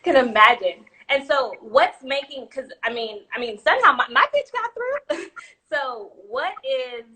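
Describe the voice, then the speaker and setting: Bright-voiced woman host asking questions. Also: high voice, animated, measured pace. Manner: questioning, casual, with fillers. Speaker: interview host. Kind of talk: casual video-call interview.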